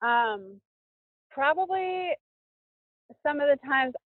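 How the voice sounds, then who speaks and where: A woman's voice: high voice, expressive, takes it slowly, no room sound. Woman guest over a tinny line. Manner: thoughtful, searching for words with many fillers. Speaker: professional skier guest. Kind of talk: casual interview conversation. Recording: dry, tinny phone-like line.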